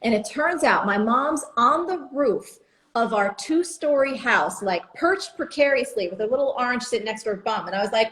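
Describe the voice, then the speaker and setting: A woman from New Jersey, a guest telling an animated story on a live video call and acting out the quoted lines. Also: on the high side, moderate pace, rough recording. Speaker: guest entrepreneur.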